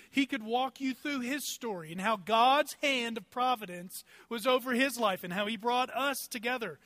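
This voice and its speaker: A man's voice: very high-pitched, sharp tone, no room sound. A male pastor preaching a sermon in a conversational, storytelling way, building his points through strings of rhetorical questions. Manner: conversational, personal anecdotes.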